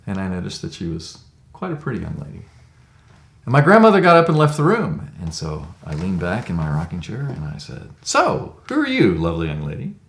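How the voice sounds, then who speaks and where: Deep-voiced man in his fifties, reflective. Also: big pitch swings, brisk, creaky, echoey room. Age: 50s. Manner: reflective, conversational, many "um"s. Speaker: interviewee. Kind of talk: personal storytelling.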